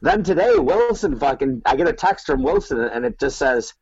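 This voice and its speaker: Husky, animated man, slightly dull sound. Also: mid-range voice, moderate pace. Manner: laughing storyteller, swears. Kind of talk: casual chat.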